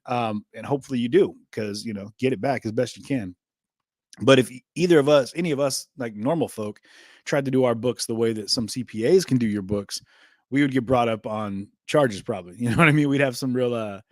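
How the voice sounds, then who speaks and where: A man's voice: medium pitch, a little mellow, no echo, clean studio sound. A man hosting a live stream, musing casually about a trial and answering viewers in the chat, with lots of ums and restarts. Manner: rambling, filler-heavy, reads chat aloud. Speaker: livestream host.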